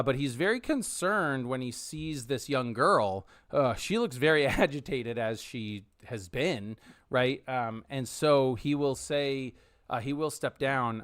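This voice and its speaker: A man narrating a tabletop role-playing game as game master, halting, with many ums and restarts. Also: medium pitch, fairly bright tone, smooth, dry recording, studio quality.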